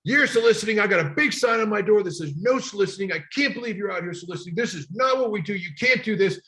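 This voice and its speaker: A man acting out an angry male homeowner who yells complaints in a loud, accusing voice. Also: sits high, fast, pitched above the performer's own voice. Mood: furious.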